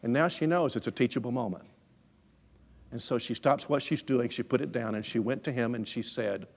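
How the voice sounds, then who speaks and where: A man's voice: mid-range voice, brisk, gravelly. A man preaching a sermon through stories, folksy, conversational and emphatic. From Alabama, USA. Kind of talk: storytelling sermon.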